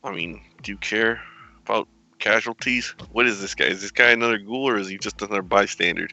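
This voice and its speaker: Male player, low gravelly voice, hesitant and casual. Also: a little fast, sharp tone, lo-fi sound.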